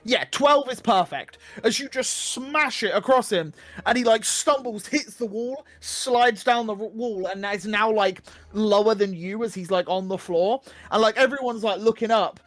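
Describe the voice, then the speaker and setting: A man's voice: high-pitched, normal speed, hardly any pauses, fairly bright tone, no room sound. A man narrating a tabletop game as its dungeon master, casual, with many fillers.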